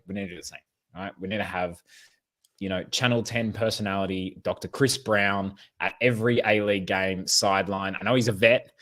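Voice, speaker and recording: A man's voice: fairly low pitch, a bit bright. A man with an Australian accent co-hosting a podcast in casual chat, joking and rambling and often laughing. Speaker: podcast co-host.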